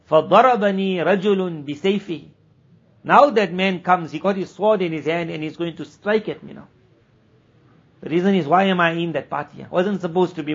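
A man giving a conversational sermon as a religious teacher, moving between plain explanation, acted-out dialogue and quick recitation of scripture passages. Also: high-pitched, a bit bright, slightly rough. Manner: conversational, acts out quoted dialogue. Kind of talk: sermon at a weekly gathering. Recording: dull lo-fi recording.

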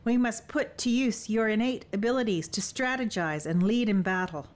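A woman narrator performs audiobook dialogue as a fierce, teasing young warrior woman who speaks boldly in an old-fashioned, playful way, sounding determined. Her medium-pitched voice is raised a little above her own and lightly acted, at a normal speed.

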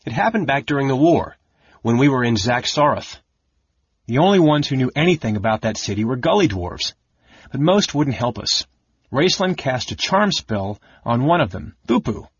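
A man's voice: medium pitch, very animated, normal speed, husky, no echo, lo-fi sound, voice pushed up. A man voicing a young male kender telling a story earnestly and with remorse.

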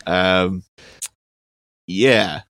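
A man with a fairly low voice recapping stories in a loose, sarcastic way. He often restarts his sentences and fills pauses with "um". The recording is dry and close. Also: vocal fry, a bit bright, dry recording. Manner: dry sarcastic humor, lots of fillers and restarts. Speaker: podcast host. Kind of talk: casual chat.

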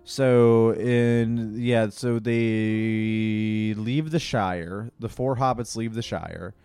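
A man's voice: fairly low pitch, fairly even intonation, very slow, darkish tone, smooth, no echo, faint music behind. A man hosting a casual podcast, rambling with lots of fillers and profanity. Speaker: podcast host. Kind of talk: casual chat.

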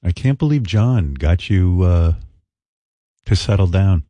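A man's voice: low voice, lively intonation, measured pace, warm tone, dry recording, lo-fi sound. A man hosting a talk show, interviewing a guest with blunt, teasing questions.

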